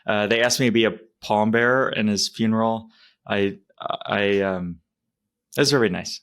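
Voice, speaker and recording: Low-ish guy co-hosting a podcast, rambly storytelling, keeps restarting his sentences. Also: fairly even intonation, normal speed, a bit bright, clean tone. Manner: rambling, self-correcting storyteller. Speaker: podcast co-host. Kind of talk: casual interview chat.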